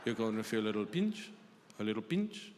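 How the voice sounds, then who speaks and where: A comedian putting on the voice of a calm, soothing male heart doctor with an accent, who talks slowly and gently. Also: medium pitch, pitched below the performer's own voice, natural voice. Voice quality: slow, gentle, reassuring. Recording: reverberant live hall with audience noise.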